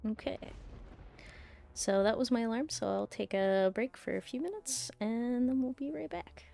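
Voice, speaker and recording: Woman streamer, slightly high voice, gravelly texture, relaxed chatty commentary. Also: normal speed, soft background music. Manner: chatty, giggly asides. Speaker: game streamer. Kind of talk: casual game commentary.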